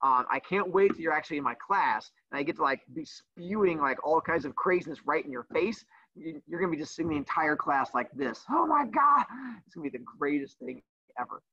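A man's voice: a little high, brisk, sharp tone, no echo. A man teaching a livestreamed class, teasing his students in a sassy, playful way. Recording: dull lo-fi dry sound.

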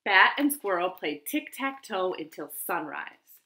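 A woman hosting a children's storytime, reading aloud slowly and expressively from her living room. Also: on the low side. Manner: animated, slow and expressive.

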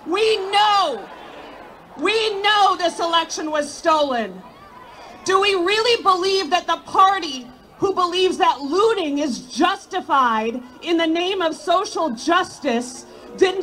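A woman giving a shouted rally speech outdoors, leading the crowd in chants. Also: extremely high pitch, lively intonation, slow, heavy background noise. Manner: chanting, call-and-response with crowd. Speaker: rally speaker.

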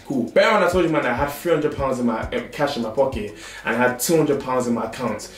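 A young man with a London accent telling a storytime vlog in a lively, slangy way. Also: mid-range voice, fast, soft background music. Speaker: vlogger. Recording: roomy indoor sound.

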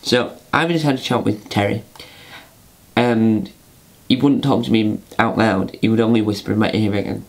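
A man's voice: on the low side, fairly even intonation, moderate pace, creaky. A man voicing a fretful, put-upon puppet host who talks to himself and stumbles over names in a homemade puppet comedy.

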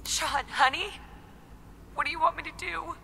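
A woman's voice: sits high, fairly even intonation, normal speed, gravelly, bright, forceful tone, a little hiss or hum, full character voice. An actress voicing a game heroine, a mother pleading and urgent as she searches for her lost son. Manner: pleading, urgent, sometimes whispered. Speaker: game protagonist.

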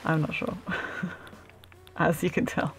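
A young woman hosting a gaming channel, giving casual, giggly and excitable commentary while she plays, laughing often. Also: sits low, takes it slowly, faint music behind.

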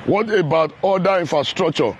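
A Nigerian man with a high-pitched voice talks his way down a city road in casual, teasing commentary. He sounds chatty and a little heated. Faint street noise and passing vehicles hum behind him. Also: normal speed, muffled recording. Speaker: vlogger. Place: outdoors on a city road under construction.

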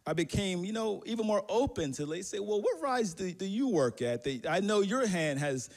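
Male pastor, casual storytelling sermon, light humor, fairly high-pitched for a man. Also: sing-song, normal speed. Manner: conversational storytelling with many fillers and restarts; humorous, self-deprecating.

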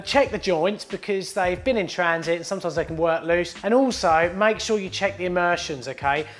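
A man with a British accent, a plumber talking through a hands-on job indoors in a chatty, joking way. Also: high voice. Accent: British English. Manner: chatty, jokey, explaining step by step. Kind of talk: hands-on trade tutorial. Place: indoors at a job site by a hot water cylinder.

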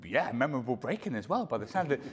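A man's voice: mid-range voice, big pitch swings, rapid-fire. A male comedian hosting a live podcast, asking questions and teasing his guest with dry jokes. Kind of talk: live podcast chat on stage. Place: large arena in front of an audience. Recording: live arena with long reverb and faint crowd noise.

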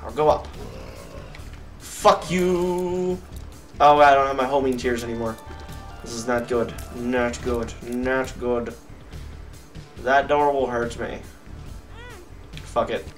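A young man giving let's play commentary, cursing at enemies and getting excitable. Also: mid-range voice, a little slow, pauses often. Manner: profane, excitable, yells at enemies. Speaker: gamer. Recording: distant mic with game music behind.

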